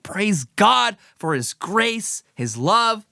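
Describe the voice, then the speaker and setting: Male live-stream host, fiery and preachy, high bright voice, dry close sound. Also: lively intonation, normal speed, no echo. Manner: heated, emphatic, preachy, mocking. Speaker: political commentary host. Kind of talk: opinionated live-stream commentary.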